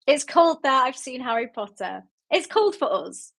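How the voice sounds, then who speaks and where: A higher-pitched woman in her late twenties speaks with a Yorkshire accent. She hosts a casual livestream and answers her viewers in a chatty, rambling way. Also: very animated, takes it slowly, pauses often, bright, forceful tone, breathy edge. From Yorkshire, England. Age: late 20s. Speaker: book club livestream host. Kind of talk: casual livestream chat reading viewer comments.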